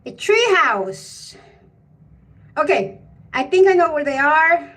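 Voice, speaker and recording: A middle-aged woman hosts a casual live stream from home, talking in a high voice. She speaks at an easy, slow pace and thinks aloud. She greets her viewers by name. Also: sing-song, a bit bright.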